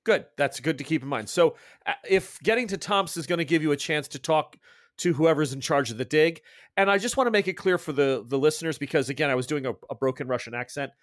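A man's voice: on the high side, lively intonation, brisk, no room sound, studio quality. A man running a tabletop horror game as game master, rambling with lots of restarts and asides.

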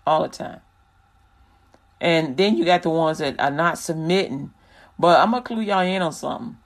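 A man's voice: fairly high pitch, normal speed. Man, radio host, casual preachy talk, slangy, rambling, studio. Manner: loose, slangy, rambling storyteller.

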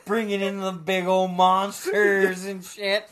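A man in casual comedic chat, crude and profane, laughing often and breaking into loud bits. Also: sits high, level tone, slow pace.

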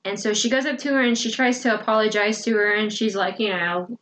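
A woman's voice: medium pitch, steady tone, fairly quick, fairly bright tone, slight background noise. A woman co-hosting a casual podcast, retelling a book's plot in a chatty way with lots of fillers and quoted lines. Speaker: podcast co-host recapping a book. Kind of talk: casual chat.

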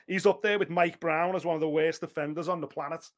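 A man co-hosting a fight podcast, talking in an excitable, gushing way and swearing freely. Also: fairly high pitch, fast talker. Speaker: podcast co-host. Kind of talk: casual MMA chat.

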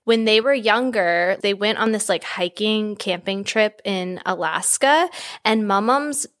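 A woman's voice: mid-range voice, unhurried, a bit bright. A woman co-hosting a podcast, chatting playfully about a film and spinning mock-sinister theories. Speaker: podcast co-host. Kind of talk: casual chat about a film.

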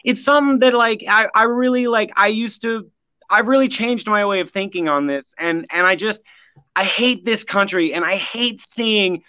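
A man's voice: high voice, bright, forceful tone, smooth. Earnest, emotional man on a lo-fi podcast. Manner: earnest, emotional, halting restarts. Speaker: podcast guest. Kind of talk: casual podcast chat.

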